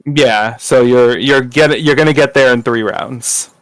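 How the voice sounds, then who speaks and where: Slow, smooth-voiced male game master. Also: mid-range voice, low-quality recording. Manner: measured, hesitant with fillers. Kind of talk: running a tabletop game.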